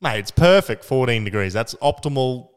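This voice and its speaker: Podcast host, smooth and roomy. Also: male voice, medium pitch, expressive, moderate pace. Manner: laid-back, teasing, leads the questions. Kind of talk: casual sports chat.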